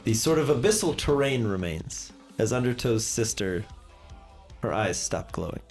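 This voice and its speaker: A young man narrating as game master, with lively, hedging descriptions full of "kind of.". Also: on the low side, unhurried, pauses often, faint music behind.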